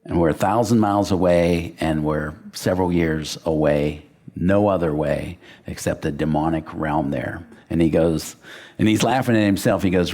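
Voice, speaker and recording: A man's voice: deep voice, moderate pace, slightly rough. A middle-aged male pastor from western Pennsylvania, preaching a verse-by-verse sermon and acting out the people in his stories. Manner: animated storyteller, acts out quotes. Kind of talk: sermon with personal story.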